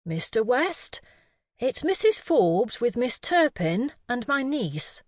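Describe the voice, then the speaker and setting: Careful middle-aged lady detective, a woman reading her, measured, lively up-and-down pitch. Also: no room sound, studio quality. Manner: measured and cautious.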